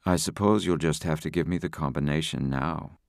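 A man voicing a calm, menacing male intruder who speaks in a quiet, level, softly threatening way. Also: extremely low pitch, brisk, no room sound, clean studio sound. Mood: cold menace.

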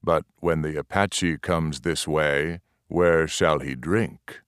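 A man voicing a calm, grave male chieftain who speaks in slow, short, deliberate sentences. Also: rumbling low, smooth, no room sound, clean studio sound, voice pushed down, heavily acted. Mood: grave, measured.

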